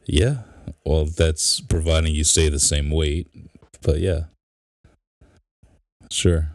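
A man's voice: a bass voice, fairly even intonation, no echo, clean studio sound. A man co-hosting a casual, joking podcast chat about family life. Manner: laid-back, joking, drawn-out delivery. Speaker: podcast co-host.

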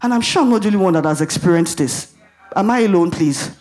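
A woman's voice: on the low side, expressive, fast talker, darkish tone. A woman preaching a sermon in an emphatic way, asking the audience rhetorical questions and laughing at herself.

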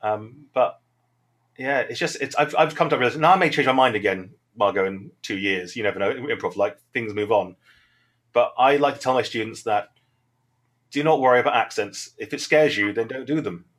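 A man's voice: mid-range voice, normal speed, fairly bright tone. A man with a Southern English accent, an improv teacher talking through his thoughts in a reflective, rambling interview answer.

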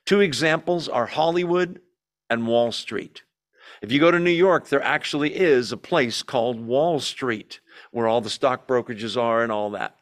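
A man's voice: mid-range voice, normal speed. A man teaching a Bible study in a conversational way, explaining terms plainly with some fillers.

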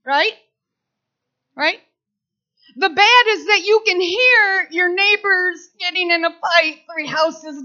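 A middle-aged woman giving a sermon, telling personal stories in an animated way and acting out the voices of people she quotes. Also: very high voice. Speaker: speaker at church service. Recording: slightly dull lo-fi sound.

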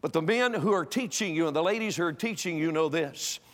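An older man preaching a sermon, emphatic, moving between loud exhortation and hushed personal storytelling. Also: a little high, lively intonation, brisk. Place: church auditorium. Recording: long hall reverb.

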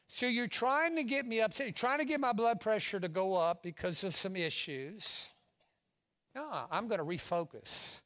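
Animated preacher man from Louisiana. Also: sits high, moderate pace. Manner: animated, swings from loud exclamations to hushed asides. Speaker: pastor. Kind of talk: sermon.

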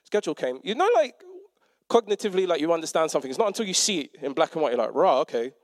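Young male preacher, chatty storyteller, raised pitch, dry sound. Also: rapid-fire, no echo. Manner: animated, self-mocking, acts out quotes. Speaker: preacher and teacher. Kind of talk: conversational sermon storytelling.

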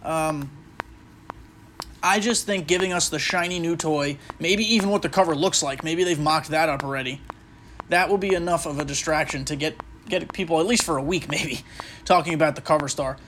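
Playing a baseball video game on his podcast, a man with a slightly bright, highish voice chats at normal speed with slight background noise. He rambles through casual speculation, cutting himself off mid-thought and leaning on frequent fillers.

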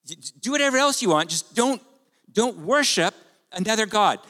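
Brief: man preaching in a church hall, raised pitch, very lively intonation, conversational sermon style, echoing sanctuary. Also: normal speed. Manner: animated, conversational preaching with rhetorical questions. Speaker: pastor. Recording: long hall reverb.

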